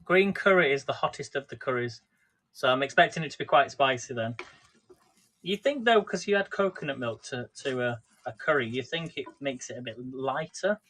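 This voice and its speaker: A man's voice: medium pitch, animated, normal speed, a bit bright. A man casually chatting through a live cooking stream, rambling and talking to viewers by name. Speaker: livestream host.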